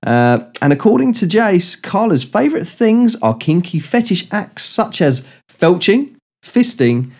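A man's voice: high-pitched, very animated, a little slow, hardly any pauses, darkish tone. A man co-hosting a podcast in casual chat, reading out news items and chuckling along. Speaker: podcast co-host.

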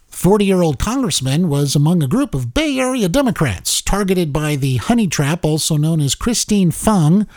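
Male talk host, higher voice, dry close sound, animated political commentary. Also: moderate pace, few pauses, dry recording. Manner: animated, repeats words and restarts.

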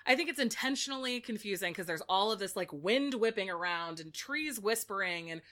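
A woman's voice: mid-range voice, lively intonation, fairly quick, sharp tone. A woman in casual conversation, recapping a book in a chatty way, full of "like" and restarts. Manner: chatty, heavy use of "like", many restarts. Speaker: podcast co-host recapping a book. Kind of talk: casual chat.

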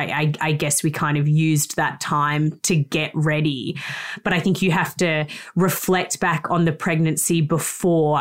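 A woman in her thirties co-hosting a podcast, chatting candidly and laughing easily. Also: low-pitched. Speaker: podcast co-host. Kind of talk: casual chat.

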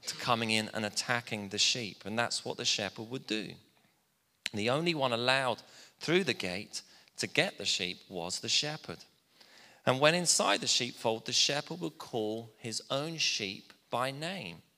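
A man delivers a sermon in a plain, conversational storytelling manner. His voice is bright and carries a long reverb, as if it fills a church hall. He speaks at a middling pitch. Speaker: pastor.

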